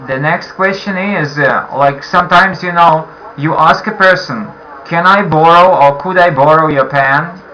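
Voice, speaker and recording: Slow, patient male English teacher. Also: mid-range voice, pushed and bright, lo-fi sound, slight background noise. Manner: slow, patient, repeats questions and waits for answers. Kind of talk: online class for beginners.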